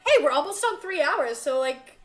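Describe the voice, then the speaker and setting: Young female streamer, high bright voice, giggly and chatty, casual live chat. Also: lively intonation, moderate pace.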